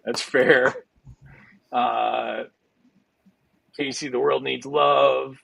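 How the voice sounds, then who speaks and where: A man's voice: medium pitch, little pitch movement, extremely slow, gravelly, background noise. A man hosting a chaotic online game show, joking and rambling with lots of ums and uhs as he handles the scores. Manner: jokey, rambling with many fillers.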